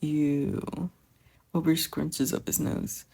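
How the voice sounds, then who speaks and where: A fan fiction reader narrates in a quiet, gentle way. The pace is slow, and the voice is mellow with a gravelly texture. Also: medium pitch, fairly even intonation, poor audio. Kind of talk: audiobook narration.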